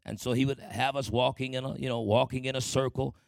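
A man's voice: medium pitch, steady tone, fairly quick, creaky, no echo. A man telling his life story to a congregation in a church testimony, speaking conversationally and often asking the listeners for an amen.

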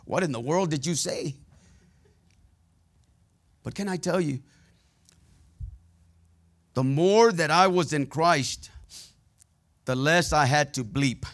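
A preacher with a somewhat high voice delivers a conversational sermon, trading quick asides with his congregation. He tells his own stories candidly and plainly, keeping the tone personal rather than formal.

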